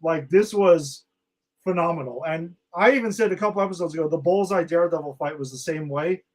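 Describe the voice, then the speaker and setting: A man co-hosting a podcast, excitedly reviewing a TV episode in casual chat, swearing freely and acting out quoted lines. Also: on the high side, brisk. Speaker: podcast co-host.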